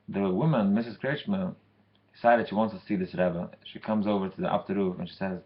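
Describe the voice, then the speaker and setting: Man, storytelling lesson, lively, low voice, slightly muffled recording. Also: a little fast. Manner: lively, acts out characters. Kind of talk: storytelling weekly Torah lesson.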